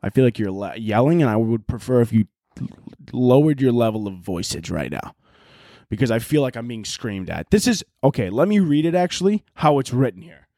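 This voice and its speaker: A man hosting a solo podcast in casual chat, profane and rambling, mocking himself and jumping into loud, overdone voices to act out scenes. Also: medium pitch, animated, brisk, no room sound, studio quality. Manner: jumps to loud exaggerated voices when acting out scenes. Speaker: podcast host.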